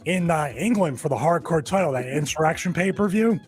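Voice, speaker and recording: A man's voice: fairly high pitch, animated, brisk, faint music behind. A man casually recalling a wrestling memory, laughing as he tells it. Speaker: wrestler guest. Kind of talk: casual anecdote telling.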